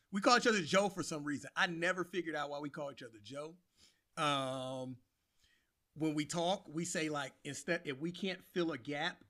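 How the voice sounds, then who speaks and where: Laid-back Chicago man, bright voice. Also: on the high side, brisk. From Chicago, USA. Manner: laid-back, laughing, self-mocking. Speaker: podcast host. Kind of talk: casual podcast chat.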